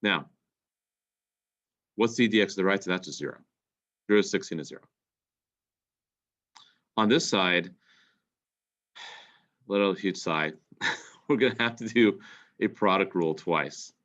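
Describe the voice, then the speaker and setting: A male math teacher explaining calculus step by step, a bit congested and clearing his throat now and then. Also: low-pitched, a little slow, pauses often, a bit bright, muffled recording. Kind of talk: recorded calculus lesson.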